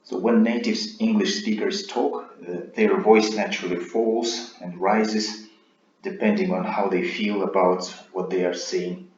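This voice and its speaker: A man giving a recorded speaking lesson as a teacher, explaining in a measured way and checking in with "right?". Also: low voice, steady tone, darkish tone, slight background noise. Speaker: IELTS teacher. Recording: roomy, dull lo-fi sound.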